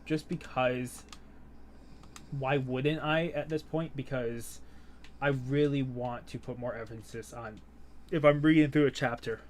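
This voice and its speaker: A man hosting a manga reaction video, talking in a relaxed, rambling way and correcting himself as he goes. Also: a little high. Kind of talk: casual reaction commentary.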